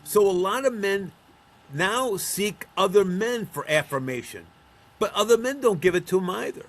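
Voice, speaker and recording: A middle-aged or older man from Buffalo, New York, speaking as a guest in an interview. He talks in a fairly high register and tells stories. He slips into the voices of parents and children as he describes them. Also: lively intonation, moderate pace. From Buffalo, New York, USA. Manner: storytelling, acts out quoted voices. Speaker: guest, counselor of men. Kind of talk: conversational interview.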